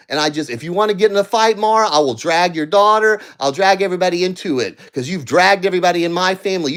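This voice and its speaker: Ranting man, slightly high voice. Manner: ranting at absent people, swinging from raised and heated to low and weary. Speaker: livestreamer. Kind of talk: angry livestream rant. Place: at home, seated.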